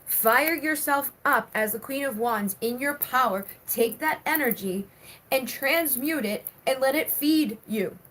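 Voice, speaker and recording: A chatty woman gives a live-stream tarot reading, reading viewer comments aloud and talking through the cards with plenty of fillers. Her voice sits a little high. A faint hiss of noise runs under the recording. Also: measured pace, a bit bright, low-quality recording. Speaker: tarot reader.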